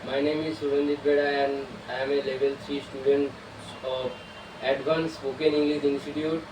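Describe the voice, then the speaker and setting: A male student from India, speaking with an Indian accent, gives a prepared presentation hesitantly, full of filler sounds and restarts. His mid-range voice is flat and moderately paced, recorded far from the mic in an echoey room with faint hiss.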